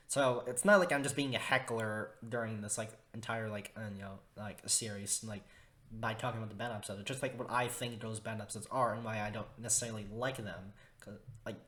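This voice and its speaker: A man's voice: mid-range voice, a bit bright. A young man reviewing a cartoon episode in a casual, rambling way, full of fillers and restarts, with exaggerated disgust. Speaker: video reviewer.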